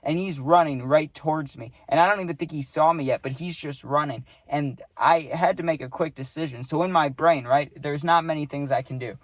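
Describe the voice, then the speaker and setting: A man's voice: a little high, a little fast, hardly any pauses, no echo. A young man telling a casual storytime, rambling with lots of "like" and "right?", and swearing freely.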